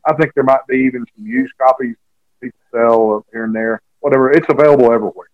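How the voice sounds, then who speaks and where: A man's voice: mid-range voice, steady tone, fast talker, no echo, lo-fi sound. A man, an author being interviewed, telling a long rambling story with many fillers and restarts. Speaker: author and guest.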